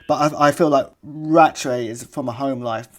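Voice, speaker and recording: A man's voice: mid-range voice, steady tone, normal speed. A middle-aged man with a London accent, a podcast guest chatting loosely and acting out the people in his stories. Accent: London English. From England. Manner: chatty, rambling, full of "like" and "you know what I mean". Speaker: guest, skateboard filmmaker. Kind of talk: casual podcast storytelling.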